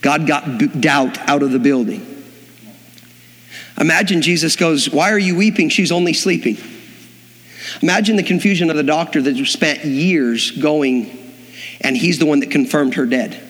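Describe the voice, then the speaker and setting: A man's voice: a little high, normal speed, a bit bright. A man preaching a sermon, telling the story dramatically and acting out the voices of the people in it. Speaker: pastor. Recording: long hall reverb.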